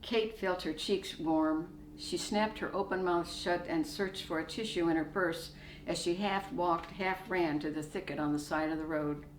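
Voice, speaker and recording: A woman author reading her own short story aloud in a steady storytelling manner. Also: fairly low pitch, moderate pace, recorded from a distance. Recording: echoey room, faint hiss.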